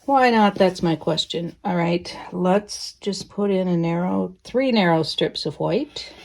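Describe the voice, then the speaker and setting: A woman teaching quilting in a relaxed, chatty way, thinking aloud as she sews. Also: fairly low pitch, measured pace, vocal fry. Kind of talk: casual sewing tutorial.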